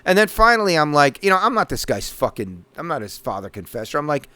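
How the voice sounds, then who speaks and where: A man's voice: on the high side, very animated, quick pace, bright, forceful tone, no room sound. A middle-aged man, telling rambling stories full of swearing on a casual podcast. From Northeastern US. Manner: swears constantly, loose rambling anecdotes. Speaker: podcast host. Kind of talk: casual profane storytelling.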